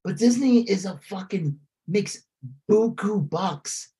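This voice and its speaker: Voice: mid-range voice, animated, takes it slowly, warm tone. A podcast co-host in a casual political chat, ranting animatedly with lots of swearing and filler words.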